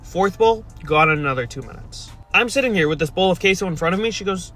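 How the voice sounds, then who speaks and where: A young man with a high, bright voice tells a casual storytime. His delivery is wry and exasperated, with a deadpan edge. Faint music runs underneath. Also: fast. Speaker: storyteller in a played video clip.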